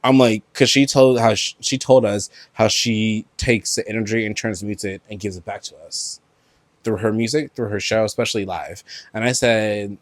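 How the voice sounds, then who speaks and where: A man from Brooklyn hosting a solo podcast, talking in a profane, animated way with loud outbursts and laughter. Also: on the low side, moderate pace, no room sound. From Brooklyn, New York. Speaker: podcast host. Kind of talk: solo casual podcast chat.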